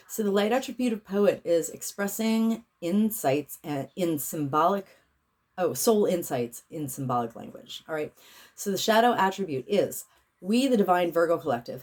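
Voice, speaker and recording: A woman giving a casual tarot reading, rambling and correcting herself, then breaking into intoned healing chants. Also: on the low side. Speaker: tarot reader and energy healer.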